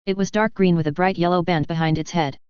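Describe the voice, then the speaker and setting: A woman narrating a story aloud, in a steady, even storytelling manner. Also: lowish voice, fast, clean tone, no echo. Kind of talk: audiobook reading of fan fiction. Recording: dull, slightly muffled recording.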